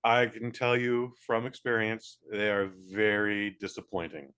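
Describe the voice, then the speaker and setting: A man's voice: lowish voice, steady tone, a little slow, fairly bright tone, clean tone. A man hosting a podcast in a casual, comedic chat, rambling and blunt as he jokes. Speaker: podcast host.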